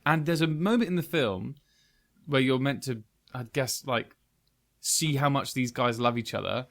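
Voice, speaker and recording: Blunt, animated male podcast co-host. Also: medium pitch, normal speed. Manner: animated, blunt, swears freely. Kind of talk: casual film chat.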